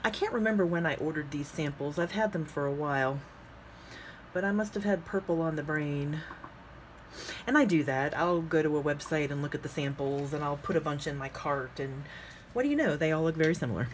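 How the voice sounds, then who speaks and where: A woman with a somewhat low voice chats casually while she works at her desk. She muses aloud, trails off into "um"s and talks to herself as she goes. A faint hum of room ambience sits under her voice. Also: brisk. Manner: chatty, musing aloud, thinks out loud with frequent fillers. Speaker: fountain pen ink vlogger. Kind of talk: casual chat while swatching inks.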